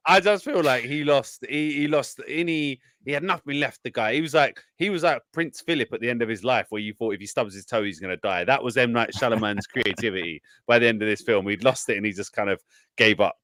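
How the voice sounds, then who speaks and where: A man's voice: medium pitch, brisk, no room sound, studio quality. A man chatting casually on a film podcast, swearing and mocking as he talks. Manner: swearing, animated, mocking, lots of laughter. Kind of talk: casual film review chat.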